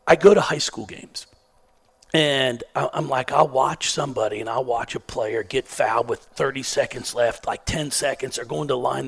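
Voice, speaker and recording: A man's voice: mid-range voice, vocal fry. A middle-aged man, a basketball coach who stutters, telling self-mocking stories in a sarcastic, laid-back way. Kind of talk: casual storytelling interview.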